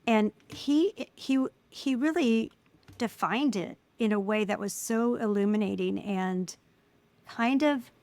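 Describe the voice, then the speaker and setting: A middle-aged woman speaking as an interview guest, telling personal stories in an animated way and acting out the voices of people she quotes. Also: a little high, slow, no room sound. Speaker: guest, filmmaker. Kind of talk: casual interview conversation.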